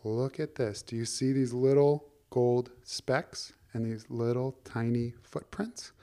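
A man's voice: medium pitch, fairly even intonation, slow, dark tone. A man plays a pompous, self-assured pet detective from a storybook. He speaks as if every clue proves his brilliance, puffed up and certain of himself. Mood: self-important.

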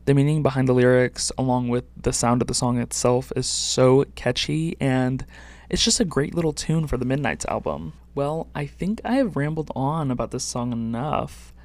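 Young male podcast host, casual and chatty, gravelly tone, dry close sound. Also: medium pitch, darkish tone, dry recording. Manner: chatty, uses "like" often. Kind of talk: solo music podcast commentary.

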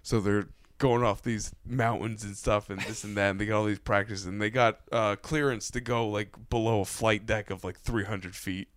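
Loud, laughing storyteller, low voice. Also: male voice, fairly even intonation, moderate pace, few pauses, dry recording. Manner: swears freely, laughs through his own stories. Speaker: podcast guest. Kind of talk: casual storytelling. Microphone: podcast mic held close.

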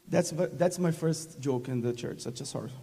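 A man from Brazil preaching a sermon in halting English with a Brazilian accent, often restarting phrases and calling for amens. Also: a little high, creaky, dark tone, breathy edge, in a large hall. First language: Portuguese. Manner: halting, many restarts, laughs often, invites call-and-response. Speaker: guest preacher.

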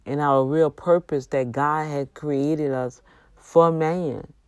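A tired woman hosting a livestream, giving a faith talk with slow, emphatic, exhorting repeats. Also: sits low, steady tone, darkish tone, no echo. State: tired, yawning. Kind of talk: preachy casual livestream talk.

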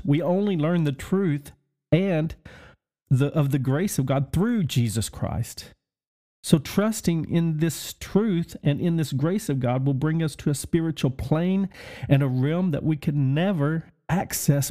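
A man preaching a podcast sermon, excitable, laughing often and asking his listeners questions. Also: fairly high pitch.

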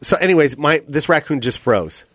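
Lively man telling stories on a podcast. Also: fairly high pitch, normal speed. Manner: animated storyteller, acts out scenes with voices. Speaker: podcast host. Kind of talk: casual chat.

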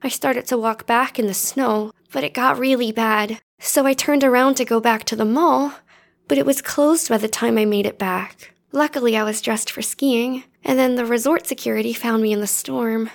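A woman's voice: on the high side, fairly even intonation, normal speed, creaky. A woman voicing a sweet teenage schoolgirl who speaks in a tender, earnest way, reading fan fiction aloud. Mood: apologetic. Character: sweet teenage schoolgirl confessing her love.

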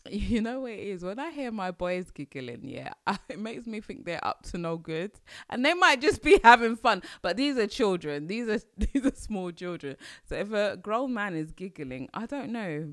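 A woman's voice: mid-range voice, big pitch swings, normal speed, dry recording, clean studio sound. A middle-aged woman with an East London Cockney accent, talking casually to camera in an emphatic way and laughing often. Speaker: vlogger.

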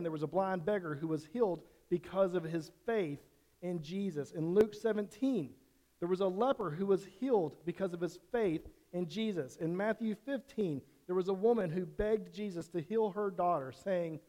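A man's voice: high voice, moderate pace, warm tone. A man preaching a sermon as a pastor in a church, in a conversational way with frequent restarts and self-corrections. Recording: long church-hall reverb.

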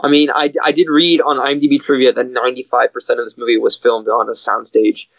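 A young man on a podcast, chatting casually about a movie with quick asides. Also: medium pitch, little pitch movement, vocal fry, a bit bright, dry recording. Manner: chatty, quick asides, laughs at plot holes. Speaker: podcast co-host. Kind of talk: casual movie review chat.

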